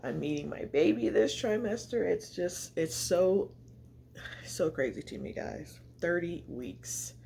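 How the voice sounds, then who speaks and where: Woman vlogger, gravelly, chatty and confessional, slightly breathless. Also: on the low side, animated, measured pace, dark tone, slight background noise. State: often out of breath. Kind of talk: casual vlog chat to camera. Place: home, indoors by natural light.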